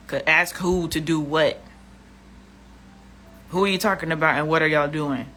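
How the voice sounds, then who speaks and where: Woman vlogger, bright forceful tone, blunt and profane. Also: sits low, fairly even intonation, normal speed, pauses often, slight background noise. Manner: blunt and profane, exasperated, repeats herself. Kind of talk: casual livestream rant.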